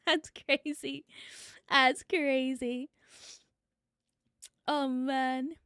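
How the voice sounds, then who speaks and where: Excitable New Zealand woman streamer, high bright voice, slightly breathless, dry mic. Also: drawn-out words, clear, resonant tone, no room sound. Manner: excitable, chatty, swears freely. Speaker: VTuber streamer. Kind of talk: live stream chat.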